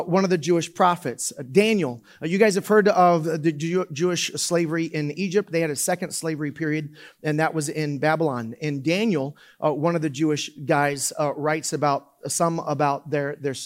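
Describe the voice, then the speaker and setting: Man, preacher, casual sermon, loose and chatty, slightly higher voice. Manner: conversational, loose, full of fillers and restarts. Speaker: pastor.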